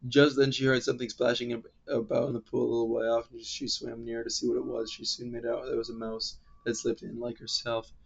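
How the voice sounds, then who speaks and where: A man's voice: flat delivery, gravelly, husky. A man hurrying through a storybook read-aloud, with slips and restarts. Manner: hurried reading with slips and restarts. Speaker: reader. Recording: low-quality dull recording.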